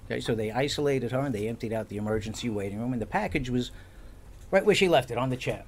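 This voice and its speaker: A man's voice: medium pitch, animated, fast, slight background noise. A man who is a former police officer, hosting a talk show and telling stories with dry humor. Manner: dry, wry storyteller who takes calls.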